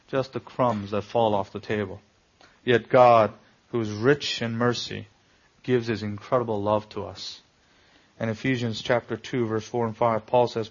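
A male pastor with a gravelly, husky, medium-pitched voice preaches a sermon, asking the congregation pointed rhetorical questions and leaning hard on key words. The recording is dull and lo-fi.

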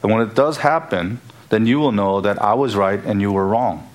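A man's voice: on the low side, moderate pace, lightly acted. A man preaching voices a confident male teacher correcting a boastful follower, in a firm and emphatic conversational tone. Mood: firmly assured.

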